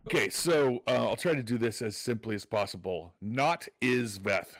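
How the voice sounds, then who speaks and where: A man co-hosting a casual chat, recapping a show in an animated way, full of fillers and quick asides. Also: mid-range voice. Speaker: podcast co-host.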